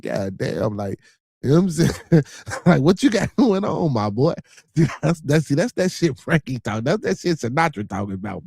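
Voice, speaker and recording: A man's voice: mid-range voice, mellow, dry recording, clean studio sound. Loose laughing Chicago man host. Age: middle-aged. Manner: loose, laughing, swearing, repeats himself a lot. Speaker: podcast host. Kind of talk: casual live-stream chat reading viewer comments.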